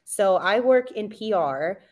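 Animated woman guest, bubbly and quick to laugh, on a video call. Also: mid-range voice. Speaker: guest, media relations manager. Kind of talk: casual podcast chat.

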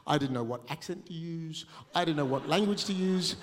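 A man with an Australian accent preaching a sermon, telling stories with lively, self-mocking humor. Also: on the high side, a little fast, in a large hall.

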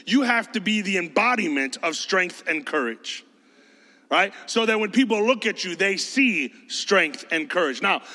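High, bright-voiced preaching man. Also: long reverb tail. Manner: emphatic, conversational preaching with mocking impressions. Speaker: pastor. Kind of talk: sermon.

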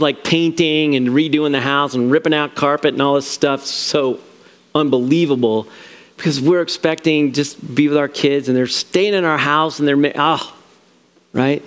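A middle-aged male pastor with a notably high voice preaches a sermon in a relaxed, conversational way. He acts out the lines of the people he quotes, swinging between casual asides and emphatic points. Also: long reverb tail.

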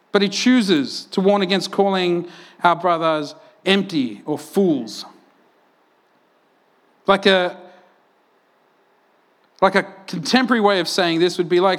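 Guy preaching, high voice, super animated, does voices for quotes. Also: measured pace, long pauses. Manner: animated storytelling, acts out quotes loudly. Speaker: pastor. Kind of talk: sermon.

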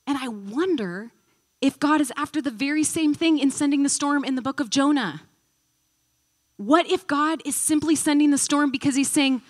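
Woman Bible teacher, lively storyteller who acts out scenes, casual and conversational. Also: high-pitched, normal speed. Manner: animated storyteller, acting out quotes; conversational, thinking aloud.

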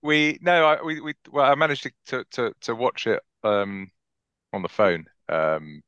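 A man on a football podcast, speaking haltingly with stumbling starts. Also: medium pitch, a bit bright, clear, resonant tone, dry recording, lo-fi sound. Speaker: podcast guest. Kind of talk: casual football podcast chat.

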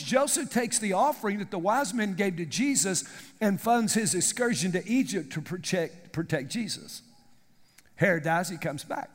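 A male pastor, preaching a lively sermon and calling out to the congregation. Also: very high-pitched, measured pace. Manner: animated preaching, calls to the congregation. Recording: long hall reverb.

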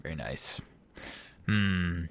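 Playful stammering podcast host. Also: male voice, sits low, lively intonation, very slow, gravelly, a bit bright, no room sound. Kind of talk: casual comedy podcast chat.

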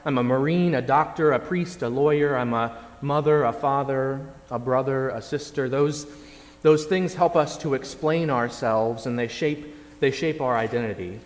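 Male preacher from Indiana, mid-pitched, measured and reflective, recorded with a long hall echo. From Indiana, USA. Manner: measured, reflective preaching with occasional "uh" fillers and repeated words. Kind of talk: sermon. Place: church sanctuary. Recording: long reverb of a large church.

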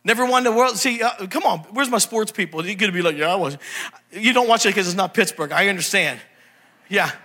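Animated high-voiced preacher man. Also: brisk. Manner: animated, jokey, quizzes the congregation. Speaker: pastor. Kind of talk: humorous sermon.

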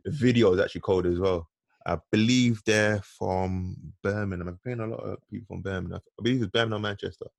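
Deep, gravelly co-host. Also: male voice, fairly even intonation, fast, no echo. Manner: playful, repeats words while teasing. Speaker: radio show co-host. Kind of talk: casual banter, introducing tracks.

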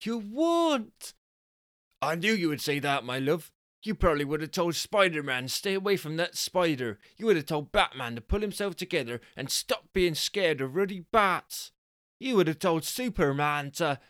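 A fierce, worried Scottish wife, as a male storyteller puts her on, nagging in a high, shrill voice that cracks upward. The delivery is dry and close, with no room around it, and she scolds like a storybook character at the end of her rope. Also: no room sound, natural voice.

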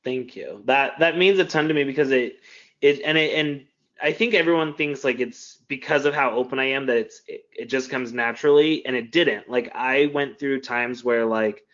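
A man's voice: medium pitch, moderate pace, fairly bright tone. A man talking openly and earnestly in casual conversation, rambling with many fillers. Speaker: mentor and teacher. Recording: slightly dull lo-fi sound.

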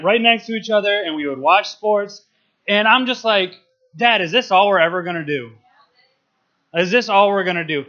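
A man's voice: sits high, sharp tone, muffled recording. A young man speaking as a guest in a church service, playful and emotional, laughing as he talks. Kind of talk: jokey church talk.

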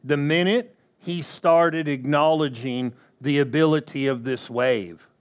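Male preacher, fairly high voice, slow deliberate delivery, checks in with the congregation. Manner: slow, emphatic, asks the congregation questions. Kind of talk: sermon.

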